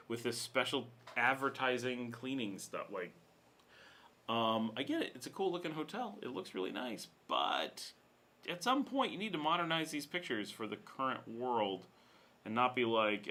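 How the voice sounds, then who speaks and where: Middle-aged man, livestream host, casual chat, mid-pitched voice, reads viewer comments. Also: lively intonation, normal speed, sharp tone. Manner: chatty, reads viewer comments aloud, coos baby-talk to his dog. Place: home room with studio lights.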